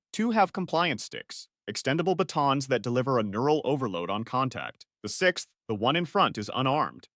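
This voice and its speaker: A man narrates a first-person sci-fi story in short, clipped, analytical sentences. His fairly bright voice moves around a lot in pitch between phrases, recorded close and dry with no room sound.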